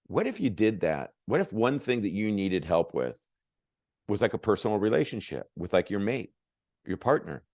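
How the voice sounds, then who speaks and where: Lively low-voiced motivational coach. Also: male voice, no echo, clean studio sound. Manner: animated, acts out both sides of dialogues. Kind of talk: motivational talk.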